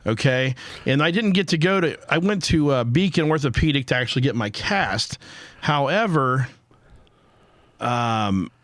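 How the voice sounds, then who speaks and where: A man's voice: medium pitch, animated, measured pace, fairly bright tone, no room sound. A man hosting a casual podcast, rambling through a story and swearing often. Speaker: podcast host. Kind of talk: casual chat.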